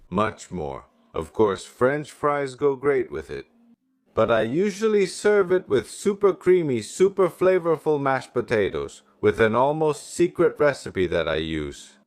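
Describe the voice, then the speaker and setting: A man's voice: fairly low pitch, dry recording. A man hosting a cooking channel, chatting enthusiastically to viewers as he cooks in a home kitchen. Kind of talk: casual cooking demonstration.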